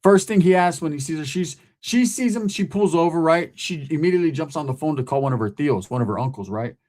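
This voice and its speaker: Speaking fast, with a fairly high voice and a darkish tone, a host from California spins a story in a casual, street-slang style. He frequently tags his sentences with "right?".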